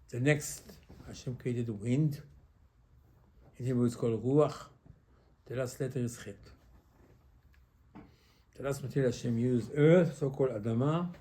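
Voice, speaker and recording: A man, a rabbi, giving an animated Torah lesson in halting English with many repetitions. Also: mid-range voice. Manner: animated, repetitive, non-native English phrasing.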